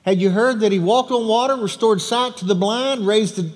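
A pastor reading scripture and then leading a lively children's sermon, questioning the congregation with animated energy. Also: male voice, sits high, moderate pace. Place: church sanctuary. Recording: long echo of a large church hall.

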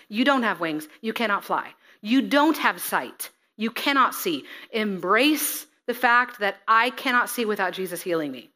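Bright, expressive woman preaching. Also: mid-range voice, unhurried. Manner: expressive, acts out scripture figures, laughs at herself. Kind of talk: sermon with scripture reading.

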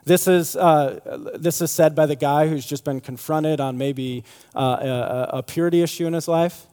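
A man's voice: a little high, fairly even intonation, moderate pace, warm tone, smooth. A man preaching a sermon in a loose, conversational way, with many fillers and restarts. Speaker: pastor. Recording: long hall reverb.

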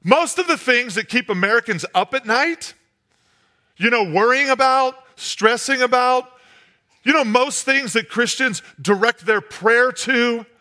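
A man preaching a sermon, telling a comic story as an animated storyteller who drops to a hush for effect. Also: extremely high pitch, a little slow.

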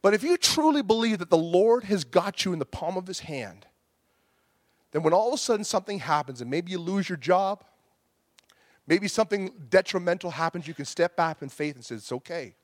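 A man's voice: sits high, animated, brisk, no room sound, studio quality. A man, preaching a sermon and telling a story about himself, acting out his own angry outbursts.

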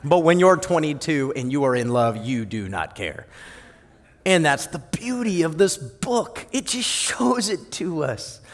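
A male pastor preaching a sermon in an animated way, swinging from loud and lively to soft and low. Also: a little slow. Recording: long hall reverb.

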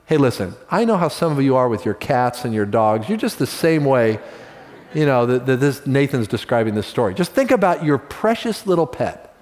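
A male pastor preaching a sermon in a relaxed, conversational storytelling manner with quick asides. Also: medium pitch, big-room sound.

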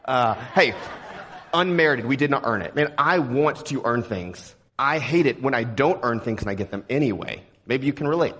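A young man from Texas preaching a sermon in a relaxed, joking, conversational way. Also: mid-range voice, moderate pace, slightly rough. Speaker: pastor.

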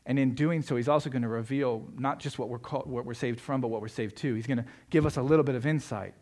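Male pastor delivering a sermon, emphatic peaks, mid-pitched voice. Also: quick pace. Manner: swings from quiet reflection to loud emphatic preaching.

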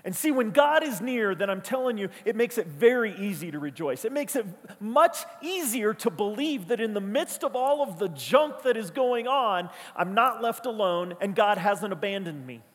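A man's voice: sits high, lively intonation, moderate pace, hardly any pauses, fairly bright tone, long reverb tail. A man preaching a sermon as a pastor, conversational and emphatic, telling stories and repeating key phrases. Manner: conversational, storytelling, emphatic repetitions.

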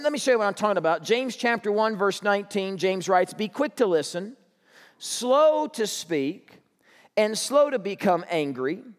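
Guy preaching a sermon in a church, chatty and jokey, lots of hall reverb. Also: high voice. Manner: conversational, joking storyteller. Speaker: pastor. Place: church auditorium.

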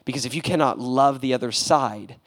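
A young man preaching a casual, animated sermon, full of slang and acted-out quotes. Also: medium pitch, brisk. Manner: animated, casual slang, acts out voices with laughs. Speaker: pastor.

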